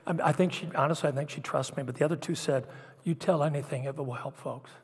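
A man's voice: on the high side, fast, slightly rough. A middle-aged man, a pastor, giving a confessional personal sermon that drops to whispers and rises again with feeling. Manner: confessional, emotional, drops to whispers and surges louder. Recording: long hall reverb.

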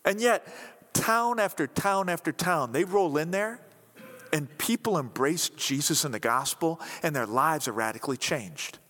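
A man preaching a sermon in a conversational, animated way, acting out what people say. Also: on the high side, measured pace. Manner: animated, conversational, acts out quotes. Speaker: pastor. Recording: reverberant hall.

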